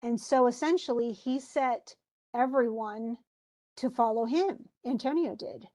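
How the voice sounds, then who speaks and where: American woman, teacher, classroom lecture, animated and chatty, slightly high voice. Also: measured pace. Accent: General American. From United States. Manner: animated, chatty explaining with casual asides.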